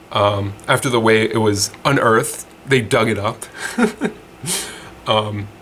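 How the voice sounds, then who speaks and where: A man's voice: medium pitch, a bit bright, a little hiss or hum. A man hosting a casual weird-news show, chatty and rambling with lots of fillers and restarts. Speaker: host.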